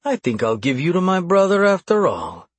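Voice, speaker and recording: A man voicing a menacing male crime boss who drawls slowly and mocks. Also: medium pitch, sing-song, no room sound. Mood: taunting. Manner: drawling, slow and mocking.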